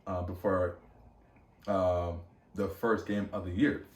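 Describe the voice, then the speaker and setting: A young man hosting a podcast, telling a personal story in a casual, slangy, animated way with many fillers and restarts. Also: low voice, slow, distant mic. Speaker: podcast host. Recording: echoey room, off-mic.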